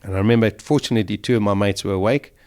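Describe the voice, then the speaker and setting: A man's voice: lowish voice, rapid-fire, a little mellow. A middle-aged man, a guest in an interview, vividly and emotionally retelling a survival ordeal. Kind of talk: storytelling in an interview.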